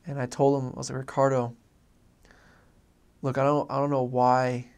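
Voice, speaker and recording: A young man, a former missionary, telling a personal story in a halting way, repeating words and filling pauses. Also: medium pitch, monotone, darkish tone, clean tone.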